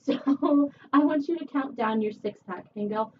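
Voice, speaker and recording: A woman voice teacher giving a one-on-one singing lesson, chatty and encouraging, her voice a little rough from a recent cold. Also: sits high, measured pace. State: recovering from a cold. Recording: distant, dull camera audio with faint hiss.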